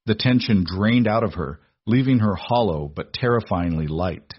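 A man reading a story aloud in a measured, dramatic narration. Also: lowish voice, animated, husky, no echo. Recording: dull lo-fi recording.

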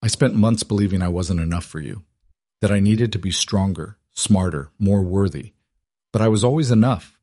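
A man's voice: sits low, no room sound, studio quality. Man reading as a steely wronged werewolf woman. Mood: cold, defiant. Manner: quiet, measured, cold resolve.

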